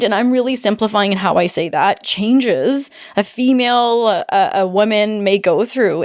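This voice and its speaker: A woman in her forties hosting a podcast, talking in a reflective, heartfelt way and often pausing to search for words. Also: a little high. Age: 40s. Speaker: podcast host. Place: podcast studio, seated across from guest.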